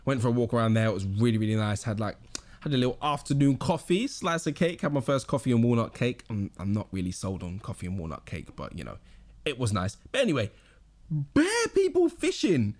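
A man's voice: medium pitch, animated, quick pace. A young man with a southern English accent hosting his own podcast in a rambling, casual chat full of slang and restarts. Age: young adult. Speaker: podcast host.

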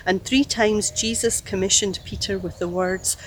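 A woman preaching a sermon, telling a story and gently acting out the quoted lines. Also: mid-range voice, steady tone, moderate pace, slight background noise, rough recording.

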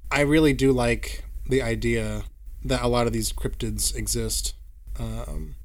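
A man co-hosting a podcast in casual chat, earnest and musing, trailing off softly. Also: medium pitch, steady tone, unhurried. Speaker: podcast co-host.

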